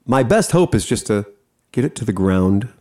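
A man hosting a podcast, telling a long story in casual chat, profane and animated. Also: lowish voice, normal speed. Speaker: podcast host.

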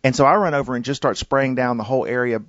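A man, chatting casually and telling a rambling, animated story with lots of restarts. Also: mid-range voice, fast talker, dry recording, lo-fi sound.

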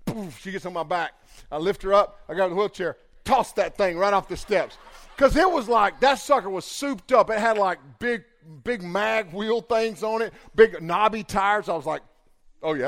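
A young man preaching, telling a comic, animated story with big swings in volume. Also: high voice. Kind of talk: storytelling sermon.

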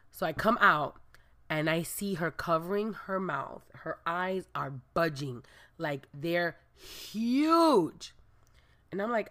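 Animated woman telling a story. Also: lowish voice, a little slow. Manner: animated, acts out dialogue with voices. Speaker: storyteller vlogger. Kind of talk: casual storytelling to viewers.

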